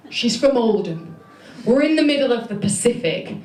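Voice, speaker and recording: A young stand-up comedian from Manchester, England, tells stories on a comedy club stage in a chatty, self-deprecating set packed with fillers. Her voice sits on the high side, animated and darkish in tone, at normal speed. The venue echoes, with slight background noise and the crowd laughing.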